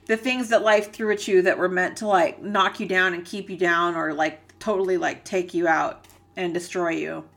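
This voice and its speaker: A woman's voice: fairly low pitch, steady tone, moderate pace, creaky, fairly bright tone. A woman giving a channeled reading, earnest and emotional, rambling and searching for words with many fillers. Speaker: psychic reader.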